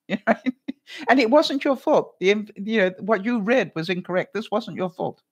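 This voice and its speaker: A woman's mid-range voice with a breathy edge moves at a moderate pace as she hosts a casual live stream. She welcomes viewers in the chat, acts out other people's lines, and laughs often while storytelling.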